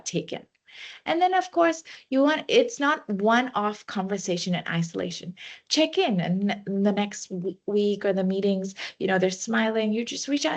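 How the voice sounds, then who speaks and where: A woman wellness trainer giving a workshop talk, leading a breathing exercise and giving practical advice with frequent "you know" fillers. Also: mid-range voice.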